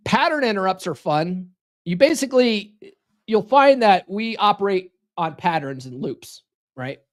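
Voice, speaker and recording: A man's voice: high voice, expressive, a little slow. Confident man coaching on a live stream. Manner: confident, casual, keeps adding "right?" and laughing. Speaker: relationship coach.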